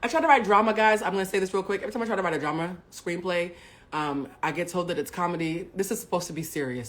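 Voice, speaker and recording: A woman with a slightly low-pitched voice tells a personal story to her live-stream audience. She swears freely and talks straight to the chat. Her delivery swings between hushed, confiding asides and loud outbursts.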